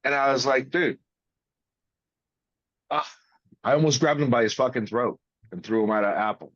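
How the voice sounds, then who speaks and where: A man in casual podcast chat, talking bluntly with lots of swearing and drawn-out pauses. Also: medium pitch, fairly bright tone, dry recording. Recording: dry, dull lo-fi sound.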